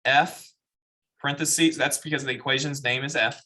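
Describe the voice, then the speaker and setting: A man's voice: mid-range voice, steady tone, moderate pace, bright, forceful tone. A man teaching a math class, explaining step by step and asking the students questions. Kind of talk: classroom lecture.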